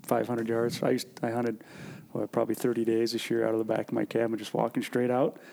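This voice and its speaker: A man co-hosting a podcast, talking in a quick, easygoing way. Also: mid-range voice, monotone, vocal fry, dark tone. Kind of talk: casual chat.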